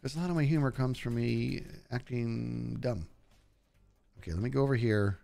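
A man's voice: medium pitch, moderate pace, vocal fry, faint music behind. A man live-streaming a video game, chatting casually and joking at the enemies on screen as he plays. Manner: animated, jokey, talks to game enemies. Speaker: gaming streamer.

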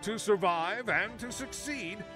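An actor playing a stern male military announcer who briefs missions in a game, in a formal, measured delivery. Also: high voice. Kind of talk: scripted game narration. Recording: game audio with music behind.

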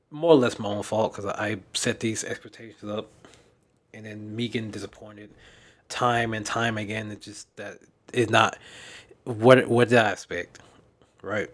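Young man, slightly deep voice, candid vlog, tired and emotional, halting, repeats words, sighs. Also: fairly bright tone. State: emotional and weary. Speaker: fan dub director and content creator. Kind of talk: candid personal vlog monologue.

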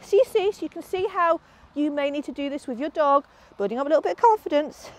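A woman's voice: high-pitched, lively intonation, quick pace, slight background noise. A woman dog trainer, explaining a training session outdoors in a field and breaking into sing-song praise for her dog. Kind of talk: instructional demonstration outdoors.

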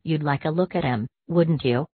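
A woman's voice: deep voice, moderate pace, slightly rough, no echo. A woman voicing a fond, sly working-class woman in mourning, with a coaxing, oily manner. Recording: tinny phone-like dry sound.

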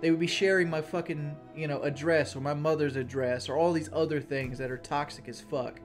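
A man's voice: fairly high pitch, steady tone, a little fast, faint music behind. A man talking casually on a live stream, venting his frustration, swearing a lot and often restarting his sentences. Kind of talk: casual live-stream talk, answering chat.

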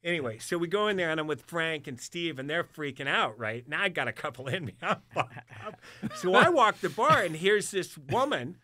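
An older man spins a rowdy, profane tale in casual conversation, laughing as he goes. His voice sits high and bright and leaps around a lot. The sound is dry and close. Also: moderate pace, no echo. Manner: profane, animated, laughs through his story. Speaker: guest storyteller. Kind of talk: casual chat, telling an anecdote.

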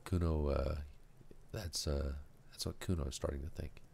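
A man's voice: extremely low pitch, fairly even intonation, normal speed, gravelly, darkish tone, a little hiss or hum, voice pushed down. A man voicing a foul-mouthed, cocky boy who talks about himself in third person. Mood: hesitant.

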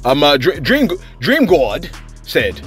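A man's voice: fairly high pitch, slow pace, faint music behind. A man hosting a celebrity gossip channel, chatting casually and telling stories with lots of laughter. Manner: animated storyteller, laughs often, acts out quotes. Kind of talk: casual commentary.

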